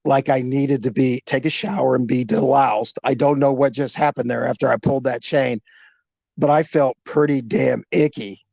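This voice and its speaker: A man telling a story as a guest, in a casual, animated way, acting out the dialogue. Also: medium pitch, moderate pace, gravelly, no echo. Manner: animated, acts out the dialogue, swears. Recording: slightly dull lo-fi sound.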